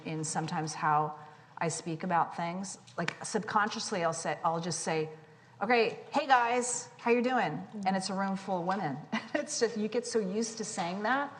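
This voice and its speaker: A woman guest speaker talking onstage to students, candid and animated, poking fun at herself. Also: on the low side. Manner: candid, animated, self-deprecating. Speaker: guest speaker, company CEO. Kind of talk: onstage conversation. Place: lecture hall with audience. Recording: long hall reverb, faint noise.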